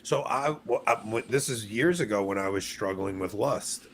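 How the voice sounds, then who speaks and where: A man's voice: fairly low pitch, moderate pace, a little hiss or hum. A man hosting a casual panel chat, candidly telling a personal story over a video call.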